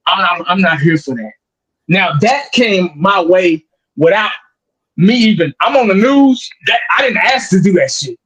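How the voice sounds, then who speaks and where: A man in his forties, a fan commentator, rambling and animated in a casual podcast chat, acting out what people say to him. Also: high voice, normal speed, slightly rough, low-quality recording. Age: 40s. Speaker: YouTube football fan commentator.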